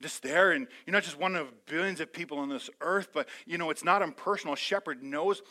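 A male pastor preaching a sermon to his church, swinging between loud fervent passages and soft, joking, conversational asides. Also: fairly high pitch, a little fast.

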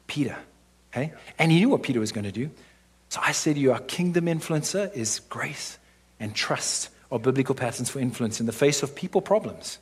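Husky-voiced man preaching a sermon. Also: medium pitch, expressive, brisk. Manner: emphatic, with rhetorical questions and frequent "right?". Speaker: pastor.

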